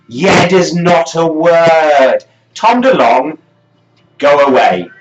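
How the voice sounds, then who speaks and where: Man for a sarcastic song-review rant: sweary, fed up, voice leaping around, unhurried. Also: on the high side, big pitch swings, highs cut off, over loud music. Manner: exasperated, sweary, jumps from mutters to mocking shrieks. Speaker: music review vlogger. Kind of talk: sarcastic comedic music review.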